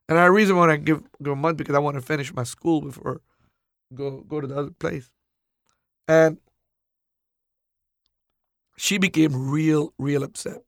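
A man telling a personal story in a casual interview, animated, acting out the people he quotes. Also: on the high side, moderate pace, pauses often, dry recording, studio quality.

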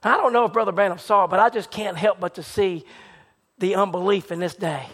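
A man preaching a sermon who retells a story dramatically, rising to excited shouts and dropping to hushed low passages. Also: fairly quick.

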